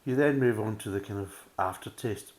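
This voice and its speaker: A man's voice: on the low side, moderate pace, darkish tone. A man giving a casual, methodical beer tasting review, full of "kind of" fillers.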